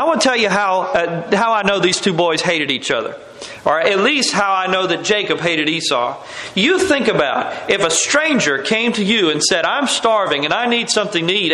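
Preacher, bright and high, in an echoey hall. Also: male voice. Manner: storytelling, acting out the characters' lines. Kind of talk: sermon. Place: church hall.

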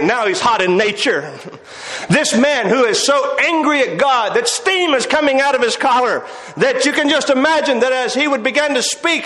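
High-voiced preacher in an echoing hall. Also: male voice. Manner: emphatic, drawn-out delivery with soft chuckles. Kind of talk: sermon.

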